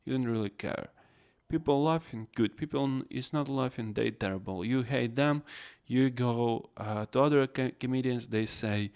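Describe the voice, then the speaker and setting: A man's voice: medium pitch, unhurried, hardly any pauses, darkish tone, clear, resonant tone. A man hosting a casual solo podcast, rambling in non-native English phrasing. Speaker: podcast host.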